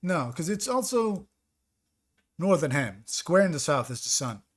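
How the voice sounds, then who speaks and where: A man's voice: on the high side, sing-song, a little slow, breathy edge. A man streaming a geography guessing game, thinking aloud, second-guessing his guesses and answering his chat. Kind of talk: live-stream commentary reading chat.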